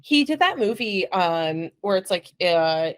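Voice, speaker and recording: Giggly rambling woman, very lively pitch. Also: a little slow, no room sound. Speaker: podcast co-host. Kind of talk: casual chat.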